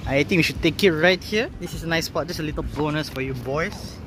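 A man's voice: on the high side, a little fast, noisy background. A man vlogging casually outdoors, thinking aloud with laid-back slang as he sets up photos. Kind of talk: casual narration while shooting photos.

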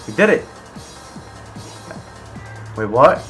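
A man's voice: mid-range voice, unhurried, long pauses, soft background music. Foul-mouthed young man raging at a game. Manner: swearing, swinging between mutters and raging shouts. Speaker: gaming video creator. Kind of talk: gameplay commentary.

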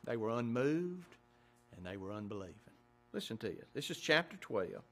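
A pastor preaches a sermon, asking rhetorical questions, building emphasis, and reading scripture aloud in King James wording. His medium-pitched voice is very animated and a bit bright, at a moderate pace.

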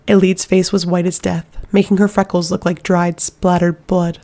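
A woman narrates a fantasy audiobook at a steady, dramatic pace. Her voice has a noticeable gravelly fry. The delivery is measured and even. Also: lowish voice.

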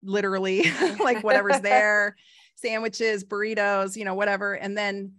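A woman in her forties talks with frank, lively energy, punching points with emphatic bursts and easy laughs. Her voice sits in a middle register, and the sound is dry and close with no room around it. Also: mid-range voice, normal speed, no room sound. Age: 40s. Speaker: guest doctor. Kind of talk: casual interview talk.

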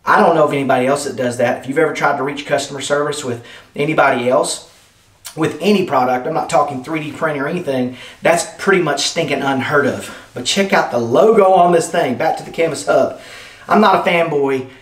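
A man's voice: a little high, brisk, far from the mic. Eager man talking from across a roomy space. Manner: enthusiastic, rambling, addresses viewers as guys. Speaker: product reviewer. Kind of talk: casual unboxing vlog. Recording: roomy sound, off-mic.

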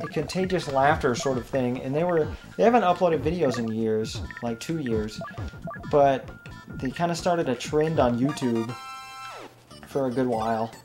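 A young man rambling through casual, self-deprecating commentary while playing a video game, often laughing at his own jokes. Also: on the high side. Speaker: let's play gamer. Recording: game music playing underneath.

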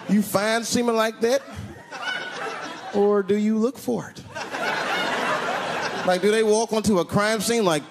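A man doing a brash, profane stand-up comedy routine with animated storytelling. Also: high voice, measured pace, pauses often. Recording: live show with loud audience laughter. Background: loud crowd laughter and noise.

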